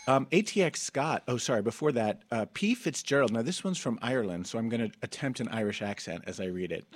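A man's voice: mid-range voice, animated, a little fast. A man hosting a comedy podcast in a studio, campy and playful, laughing often as he reads listener reviews. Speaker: podcast host. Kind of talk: casual comedic chat.

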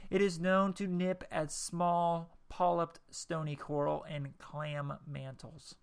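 A man's voice: on the high side, flat delivery, slow pace, clean tone. A man hosting a casual solo podcast, reading text aloud in a rambling, jokey way and tripping over words. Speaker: podcast host.

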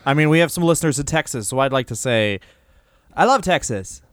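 A man's voice: a little high, lively intonation, brisk, no room sound, studio quality. Laughing man on a comedy podcast. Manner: joking, laughs often, slips into mocking voices. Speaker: podcast co-host. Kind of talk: casual comedy podcast chat.

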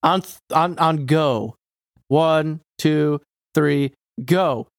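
Male podcast co-host, light higher voice, quick to joke, dry home recording. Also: vocal fry, no echo. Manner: joking, laughs often. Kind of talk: casual chat.

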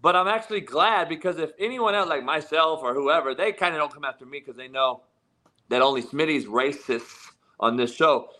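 Man, sports talk host, casual and chatty, bright forceful voice. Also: on the high side, moderate pace. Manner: loose, chatty, asks leading questions.

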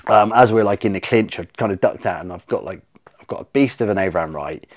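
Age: adult. Sex: man. Pitch: lowish. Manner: animated, swearing storyteller. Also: fast. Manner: animated, swears freely, acts out his own reactions. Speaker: podcast guest. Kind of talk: casual storytelling chat.

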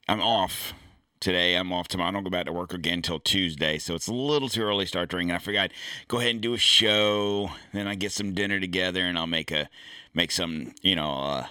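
Recorded dry on a studio podcast mic in his home studio, a middle-aged man with a low, bright, smooth, forceful voice hosts a casual chat show. He rambles along, cracks jokes, and fills his speech with fillers.

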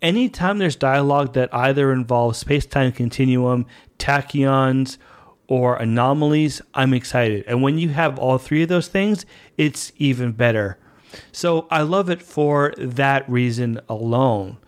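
A man's voice: medium pitch, a little slow, clear, resonant tone. A man hosting a podcast, talking in a casual, enthusiastic and chatty way as a fan. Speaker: podcast host. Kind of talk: casual monologue.

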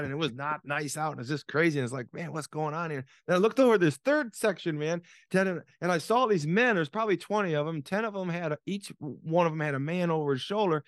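On the high side and a bit bright, this man's voice races along with hardly any pauses, very animated. He's a podcast guest in his sixties, an author and business coach, spinning a dramatic conversational story full of restarts and repeated words, recorded in a studio without echo.

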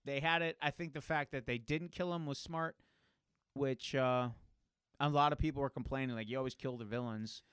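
A man's voice: fairly high pitch, fairly even intonation, normal speed, a bit bright, smooth, no room sound, studio quality. A man co-hosting a podcast, talking about comics casually and enthusiastically, rambling with many fillers. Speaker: podcast co-host. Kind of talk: casual comic book chat.

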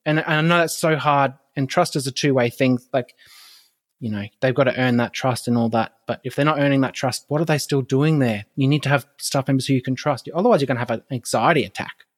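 A man talking as a podcast guest in a relaxed, animated way, laughing often. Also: medium pitch, brisk. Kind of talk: casual podcast conversation.

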